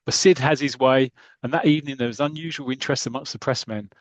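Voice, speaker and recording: A man's voice: medium pitch, quick pace, dry recording. Chatty man retelling a comic. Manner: chatty, restarts, does character voices. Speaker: podcast co-host. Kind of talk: casual retelling of a comic story.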